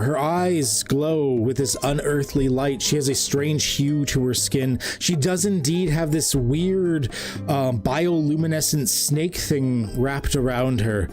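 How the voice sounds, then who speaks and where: Slow, hesitant male game master. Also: medium pitch, darkish tone, soft background music. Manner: rambling, full of ums and uhs. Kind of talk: narrating a tabletop game.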